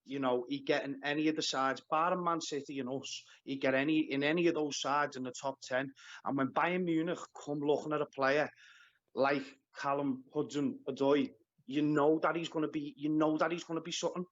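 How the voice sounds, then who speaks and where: A man's voice: fairly high pitch, steady tone, brisk. A man calling into a football show, blunt and opinionated. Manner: blunt, opinionated, scolds fans. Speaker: caller. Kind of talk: fan phone-in chat. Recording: dull call audio.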